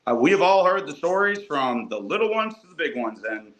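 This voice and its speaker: A man's voice: fairly high pitch, very animated, normal speed, a bit bright, rough recording. A young adult man, a college football coach, speaking earnestly as a podcast guest, with many fillers and restarts. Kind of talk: casual podcast conversation.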